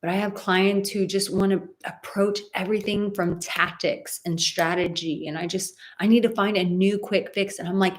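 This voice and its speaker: A woman coaching viewers on dating in a live stream. She speaks emphatically at a middle pitch and keeps wandering off on side stories before pulling back to her point. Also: normal speed. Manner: emphatic, rambling with tangents.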